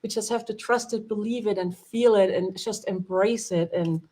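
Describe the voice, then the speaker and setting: A woman's voice: mid-range voice, normal speed, husky. A woman sharing an emotional personal testimony, laughing often and acting out the dialogue she recalls. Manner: animated, laughing often, acts out quoted dialogue. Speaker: retreat participant sharing her experience.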